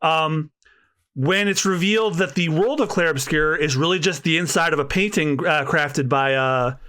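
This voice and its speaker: Podcast co-host, male, bright and forceful tone, eager and rambling. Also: fairly high pitch, moderate pace. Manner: enthusiastic, rambling with many fillers. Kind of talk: casual chat.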